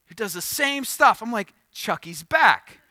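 Bright-voiced animated man preaching. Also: sits high, unhurried, no echo. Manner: storytelling, animated and joking. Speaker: pastor. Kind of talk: sermon.

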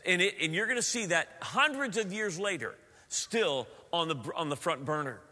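A man preaching a sermon as pastor, animated with playful asides. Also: high voice, moderate pace. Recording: long hall reverb.

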